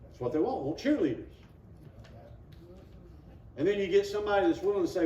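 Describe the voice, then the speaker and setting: Man, Sunday school teacher, folksy, acts out the quotes, mellow voice, dull distant recording. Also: high voice, expressive, fairly quick, long pauses, reverberant, slight background noise. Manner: reads scripture aloud, then explains it. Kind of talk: informal Bible class teaching.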